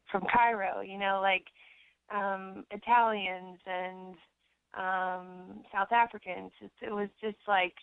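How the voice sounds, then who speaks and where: A young American actress chatting in an interview, rambling with lots of fillers and restarts. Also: female voice, medium pitch, clear, resonant tone, no room sound. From United States. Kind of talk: casual interview chat. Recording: dry tinny phone-like sound.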